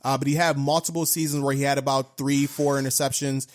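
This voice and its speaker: A man's voice: mid-range voice, level tone, quick pace. A man co-hosting a casual sports chat, upbeat and conversational, sometimes repeating himself. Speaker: co-host.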